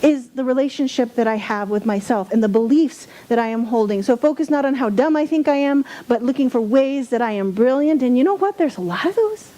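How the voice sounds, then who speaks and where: A woman's voice: sits high, animated, fairly quick, few pauses, warm tone. A woman giving a sermon as a spiritual speaker, candid and self-deprecating, sometimes mocking her own angry outbursts.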